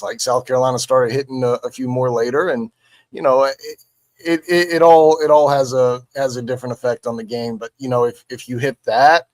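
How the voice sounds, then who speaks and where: A man's voice: mid-range voice, dry recording. A man, casually analyzing football with lots of restarts and fillers. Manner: halting, many restarts and fillers. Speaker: sports analyst. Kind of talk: casual sports talk.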